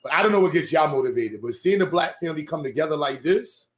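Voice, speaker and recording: A man hosting an online community meeting, talking in an energetic, hyped, slangy way and calling out to people. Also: on the high side, fast, reverberant. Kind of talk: casual, excited hosting.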